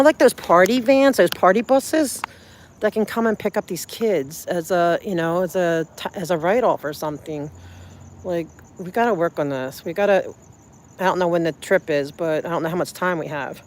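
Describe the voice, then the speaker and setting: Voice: mid-range voice, slight background noise. A livestreamer chatting casually with viewers, effusive and rambling, with many restarts, recorded on a phone outdoors at night. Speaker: livestreamer reading viewer chat. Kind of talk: casual live-stream chat.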